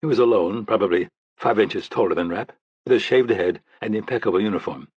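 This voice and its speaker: Low, husky male audiobook narrator. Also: a little fast, no echo, dull audio. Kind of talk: scripted thriller narration.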